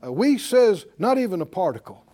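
A man's voice: high voice, very animated, brisk, dark tone. A man preaching a sermon as pastor, emphatic, repeating phrases and drawing call-and-response from the congregation.

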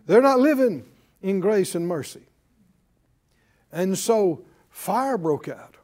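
A man preaching with a high, very lively voice that swoops up and down. He throws rhetorical questions at the congregation and acts out grumbling voices to make his point. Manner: animated, rhetorical questions and acted-out complaining. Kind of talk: sermon.

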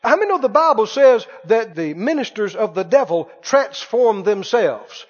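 High-voiced preacher man in a reverberant church. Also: sing-song, normal speed. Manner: emphatic, repeating phrases, swinging from loud to quiet. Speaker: pastor. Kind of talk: sermon. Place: church sanctuary. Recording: muffled church recording with long reverb.

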